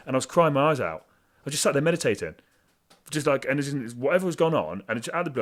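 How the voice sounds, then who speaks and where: A man's voice: mid-range voice, sing-song, quick pace. A man guest on a podcast, telling his story candidly and with self-deprecating humour. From England.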